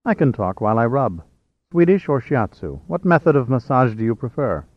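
A man voicing a confident, flirtatious adult woman with a direct, brisk manner. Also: mid-range voice, sing-song, no room sound. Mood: teasing. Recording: slightly dull, dry.

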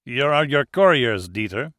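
A man's voice: mid-range voice, big pitch swings, moderate pace, sharp tone, no room sound, studio quality. Sneering French gangster boss, as a man puts him on. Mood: contemptuous. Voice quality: sneering, mocking. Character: cold, contemptuous French criminal boss man.

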